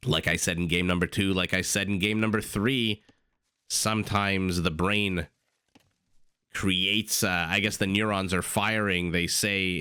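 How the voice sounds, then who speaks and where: A man with a low, bright, forceful voice calls a strategy game match play by play. He jumps between quick analysis and excited asides. He speaks close to the mic in a dry room. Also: clean tone, dry recording. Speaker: esports caster. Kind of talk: live play-by-play commentary.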